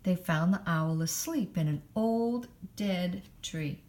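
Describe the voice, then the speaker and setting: A woman reading a picture book aloud in an expressive storytime manner. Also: on the low side, takes it slowly, a little hiss or hum.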